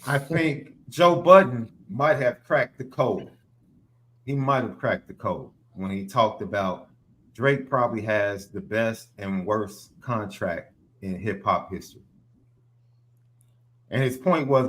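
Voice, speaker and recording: A man co-hosting a casual podcast, calmly explaining and retelling what others said. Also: on the low side, slow pace, slight background noise. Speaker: podcast co-host. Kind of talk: casual sports podcast chat.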